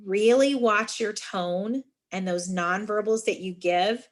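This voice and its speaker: A middle-aged woman talks through a leadership workshop in a middle-pitched, ordinary speaking voice. She addresses her listeners as friends and slips into lively, emphatic storytelling to make her points. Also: slow pace. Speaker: university student involvement director.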